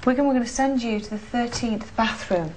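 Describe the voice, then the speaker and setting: A woman hosting a live ghost hunt, leading a séance in an excitable manner that often drops to a whisper. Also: fairly high pitch, a little fast, slight background noise. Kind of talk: live paranormal investigation.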